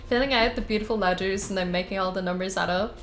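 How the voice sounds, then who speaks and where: A young woman chats her way through a survival game stream, giggly and prone to rambling tangents. Her voice sits in a middling pitch, with soft music playing faintly underneath. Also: quick pace. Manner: chatty, giggly, rambling storyteller. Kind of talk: casual gameplay chat.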